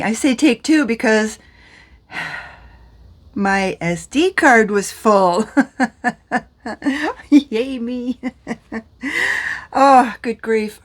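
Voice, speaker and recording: A middle-aged woman chatting through a makeup vlog, rambling and laughing often while tired and in pain. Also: mid-range voice. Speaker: beauty vlogger.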